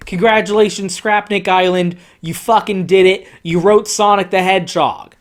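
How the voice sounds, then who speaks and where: A man giving a profane, sarcastic commentary while reading from comic panels. He swings between excited outbursts and mocking lows. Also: normal speed, hardly any pauses. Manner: sarcastic, profanity-laden ranting. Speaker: comic book reviewer.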